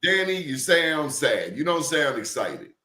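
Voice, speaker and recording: A man moderating a political roundtable who throws out probing, teasing questions. His voice is bright and sits a bit high. The room around him sounds echoey. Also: sing-song, measured pace. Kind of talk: political discussion. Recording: roomy echo.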